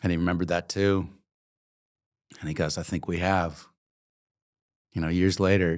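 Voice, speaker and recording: A man's voice: low voice, level tone, moderate pace. A middle-aged man from Oregon, an interview guest telling vivid anecdotes and acting out the dialogue, with casual swearing. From Oregon, USA. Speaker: interview guest, coffee entrepreneur. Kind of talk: conversational storytelling.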